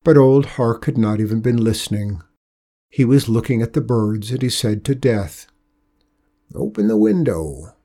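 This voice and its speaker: A man reading a folk tale aloud as narrator, in a slow, measured and gentle manner. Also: medium pitch, steady tone. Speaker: storyteller. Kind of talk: storybook narration.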